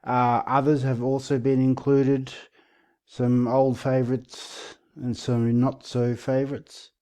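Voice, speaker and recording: Male video host, warm low-key tone, easygoing sarcastic delivery. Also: slow. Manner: relaxed, self-aware, a bit sarcastic. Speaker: channel host. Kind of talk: casual commentary video.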